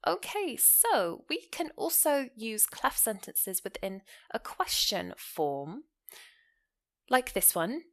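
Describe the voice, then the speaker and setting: Woman teaching grammar, clear and explanatory. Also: fairly high pitch, big pitch swings, slow pace, fairly bright tone. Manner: clear, explanatory, asks the listener questions. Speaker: English teacher. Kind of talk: online grammar lesson.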